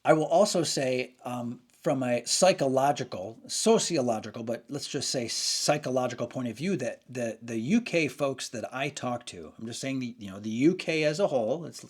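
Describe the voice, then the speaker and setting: A man's voice: mid-range voice, expressive, normal speed, hardly any pauses, husky. Rambling man musing aloud. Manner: rambling, frequent restarts and self-corrections. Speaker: channel host. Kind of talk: casual opinion monologue.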